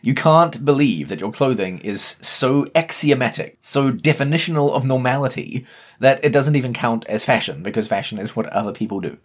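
A man's voice: mid-range voice, expressive, moderate pace. A man with a New Zealand accent, co-hosting a podcast in a casual, emphatic discussion. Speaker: podcast co-host.

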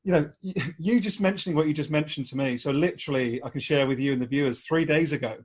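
Husky man hosting a podcast. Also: fairly high pitch, quick pace, darkish tone. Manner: friendly, chuckling, stammering restarts. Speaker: podcast host. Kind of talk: casual interview chat.

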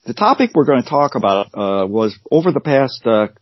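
A man co-hosts a podcast in relaxed, agreeable chat, with a few fillers along the way. His voice sits in the middle range. The recording is dry and somewhat dull. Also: medium pitch, fairly quick, no echo. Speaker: podcast co-host. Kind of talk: casual chat.

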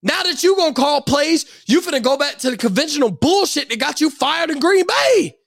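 Man, very high voice, gravelly fry, angry profane sports rant, emphatic. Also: animated, fairly quick. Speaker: sports commentator.

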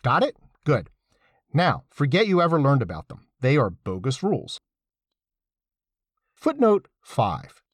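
Wry man reading an essay, husky. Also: medium pitch, a little slow, pauses often, no room sound, studio quality. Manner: wry, sardonic asides; lively, emphatic delivery. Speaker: essay reader.

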